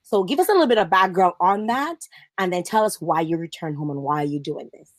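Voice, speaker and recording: A woman's voice: on the low side, expressive, a little fast, no echo, low-quality recording. Laughing, teasing woman interviewer on a dry line. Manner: teasing, laughing, filler-heavy. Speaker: host. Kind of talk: remote interview. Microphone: remote call.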